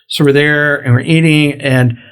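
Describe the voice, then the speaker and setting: A middle-aged man hosting a podcast, with a voice pitched a little above most men's. He tells a story in a loose, conversational way and slips into the voices of the people he quotes, bringing their lines to life. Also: normal speed, clean tone. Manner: animated storyteller, acts out quoted dialogue. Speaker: podcast host. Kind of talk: casual storytelling interview.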